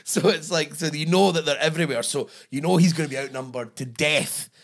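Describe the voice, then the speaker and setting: A man's voice: fairly high pitch, a little fast, gravelly. A Scottish man hosting a podcast, chatting casually, swearing and laughing through his stories. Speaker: podcast host. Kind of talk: casual chat.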